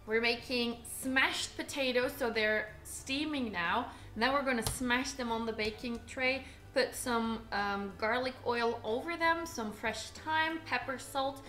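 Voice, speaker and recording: A woman's voice: fairly high pitch, a bit bright, echoey room. A woman chatting casually with her viewers while she cooks in her home kitchen, teasing herself and giggling. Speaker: cooking livestreamer. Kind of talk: casual live cooking stream chat.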